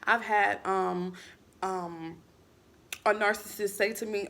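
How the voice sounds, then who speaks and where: Woman, casual vlog talk, gravelly fry in the voice, mid pitch, candid, lots of fillers, blunt swearing. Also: fairly even intonation, takes it slowly, long pauses, pushed and bright. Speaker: vlogger.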